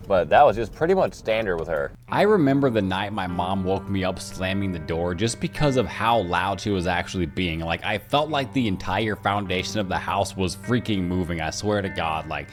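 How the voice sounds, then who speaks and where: A young man casually telling a story from his own life, profane and animated. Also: fairly low pitch.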